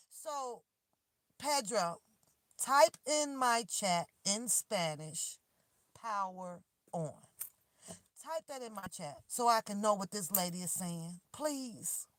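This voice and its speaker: With a medium-pitched voice that sounds pushed and bright, a woman vlogs from her car on her phone camera. She rants casually and animatedly to her viewers, exasperated and laughing, swearing as she goes.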